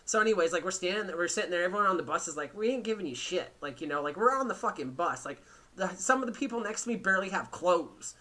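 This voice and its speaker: A man's voice: high-pitched, expressive, quick pace, pushed and bright. A man hosting a podcast, telling a rambling, profane story in casual chat. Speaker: podcast host.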